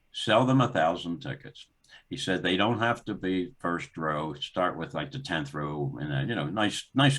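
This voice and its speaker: An older man speaks in a low, deep voice as an interview guest, recounting a story at an easy conversational pace. He slips into the voices of the people he is describing, pushing his pitch up, and he laughs now and then as he goes. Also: slightly rough. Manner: animated, acts out dialogue in the story with rising pitch and laughter. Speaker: guest, former sports executive.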